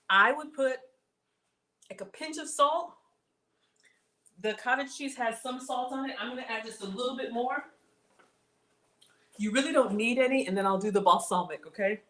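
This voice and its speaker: A woman's voice: fairly high pitch, lively intonation, moderate pace, long pauses, fairly bright tone. A woman hosting a casual cooking livestream, chatting with viewers about her food and reading their comments. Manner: chatty, reads viewer comments, says y'all.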